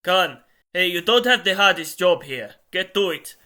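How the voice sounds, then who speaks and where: A man voicing a brisk, bossy, well-off man giving orders over dinner. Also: sits high, lively intonation, pushed and bright, voice pushed up. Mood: commanding. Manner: brisk, commanding.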